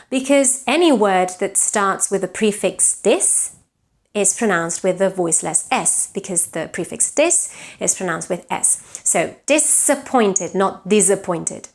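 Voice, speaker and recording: A woman with a Catalan accent, a native Catalan speaker, giving an online English pronunciation lesson, slowing down to model words and often checking in with her learners. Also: medium pitch. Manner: clear, deliberate teaching, slows down to model words, frequent check-ins like "yes?".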